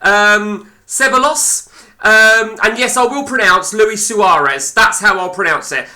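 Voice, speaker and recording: Sweary bright-voiced man. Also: high-pitched, measured pace. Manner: blunt and sweary, rambling with many fillers. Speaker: streamer playing a football management game. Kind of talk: live gameplay commentary.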